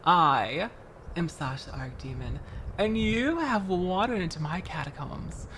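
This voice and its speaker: Girl doing a big dramatic demon lady voice, benevolent but grand, low-ish and swoopy, faint hiss behind. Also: very animated, measured pace, fairly bright tone, full character voice. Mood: theatrical.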